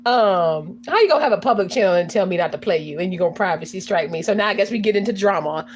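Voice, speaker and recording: A young woman chatting casually on a livestream, swearing, slangy, and breaking into loud laughing fits. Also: medium pitch, animated, fast, a little hiss or hum. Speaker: livestreamer reacting to chat.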